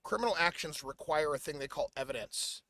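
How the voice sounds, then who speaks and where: A man's voice: fairly high pitch, a little fast. A man co-hosting a podcast, talking casually and retelling stories dramatically. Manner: animated, dramatic storytelling. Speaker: podcast co-host.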